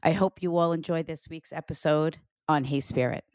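Animated woman giving a medium reading. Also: deep voice, moderate pace, clear, resonant tone, no room sound. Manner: animated, acts out quoted dialogue. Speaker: psychic medium and show host. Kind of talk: spiritual reading.

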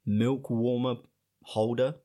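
A man from Italy with an Italian accent co-hosts a relaxed chat. His voice sits in a middle pitch. He tells his stories with energy and laughs often. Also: slow pace. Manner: lively storyteller, laughs often. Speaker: podcast co-host, father. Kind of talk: casual chat.

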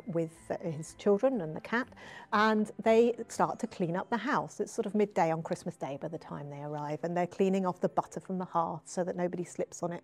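A woman storyteller telling a folk tale aloud, expressive with hushed asides. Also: fairly low pitch. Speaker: storyteller guest. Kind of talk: oral storytelling.

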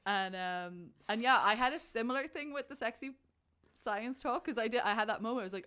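A young woman in casual conversation about a film, chatty and animated, acting out her own thoughts in quotes. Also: on the high side, fast, clear, resonant tone.

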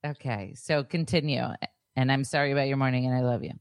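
Low-voiced teasing woman co-host. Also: quick pace, clean tone, dry recording, clean studio sound. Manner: teasing, deadpan jokes. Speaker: podcast co-host. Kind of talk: casual chat.

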